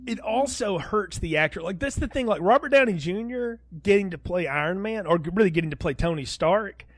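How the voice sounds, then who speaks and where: A man with a notably high voice, recorded close and dry with no room sound. He chats casually as a podcast co-host reviewing a film, animated, laughing often and slipping into quick quoted asides. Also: no room sound.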